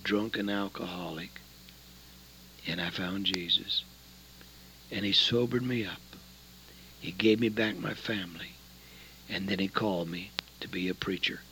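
An older man preaching a folksy sermon, swinging between hushed, near-whispered lines and sudden loud bursts. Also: lowish voice, a little hiss or hum, low-quality recording.

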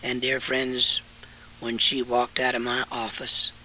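An older man preaching a sermon, with sudden loud rises and quieter stretches of storytelling. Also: mid-range voice, completely flat delivery, takes it slowly, slight background noise, rough recording.

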